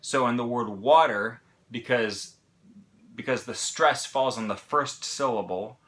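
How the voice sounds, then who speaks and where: Bright-voiced American man teaching. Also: mid-range voice, a little slow. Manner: relaxed, talks in short bursts with fillers and restarts. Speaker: language teacher. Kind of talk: casual explanatory lesson.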